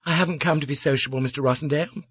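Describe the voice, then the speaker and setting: Man reading as a prickly young Englishwoman, clipped, dispassionate, raised pitch, dry dull recording. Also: a little fast, no echo, lightly acted. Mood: cool, guarded. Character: cool, prickly young Englishwoman, formal and guarded. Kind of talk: audiobook character voice.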